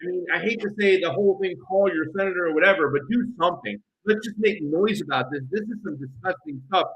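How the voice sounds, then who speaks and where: Fast, high-voiced ranting male co-host. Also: lo-fi sound, a little hiss or hum. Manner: heated, rapid, ranting delivery. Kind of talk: political commentary show.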